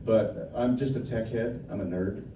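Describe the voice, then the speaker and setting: A man's voice: lowish voice, moderate pace, distant mic. Joking man heard from across an echoey room. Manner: playful, laughs often while telling stories. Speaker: entertainer hosting a fan Q&A. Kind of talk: casual joking chat with fans. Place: indoor meet-and-greet room. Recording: echoey room, recorded from afar, background noise.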